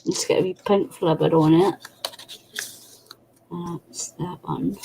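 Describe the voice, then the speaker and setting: A woman's voice: lowish voice, steady tone, slow, gravelly, background noise. A Scottish woman hosting a craft stream, chatting in a rambling, self-deprecating way. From Scotland. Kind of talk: casual chat while crafting. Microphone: video call setup.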